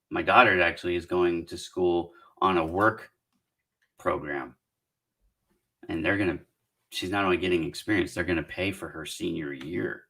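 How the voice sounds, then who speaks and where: A middle-aged man with a slightly low, gravelly voice and a bright, forceful edge to his tone. He hosts a casual live Q&A on job hunting, thinking aloud and encouraging viewers as he works through their comments. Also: normal speed. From Southern California. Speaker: career coach hosting a live Q&A.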